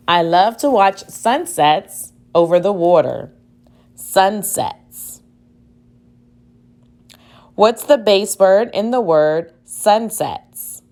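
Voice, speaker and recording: Very slow, measured woman teacher. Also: medium pitch, darkish tone. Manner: spells words letter by letter, tapping out syllables. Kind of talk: slow spelling dictation lesson.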